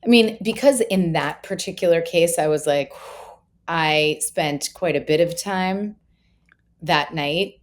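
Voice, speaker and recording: A woman's voice: fairly low pitch, takes it slowly. A woman in her forties, a parenting expert, chatting candidly and with self-deprecating humor in a podcast conversation.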